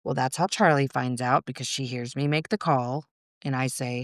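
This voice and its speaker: A woman guest on a podcast, telling a personal story in a candid, rambling way, swearing freely and adding quick asides. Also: very deep voice, fairly even intonation, no echo, studio quality.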